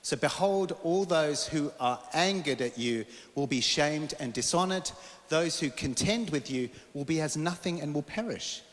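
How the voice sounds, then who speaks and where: A male preacher giving an animated sermon to a congregation and getting them to repeat words back. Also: fairly high pitch, measured pace, big-room sound. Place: church hall.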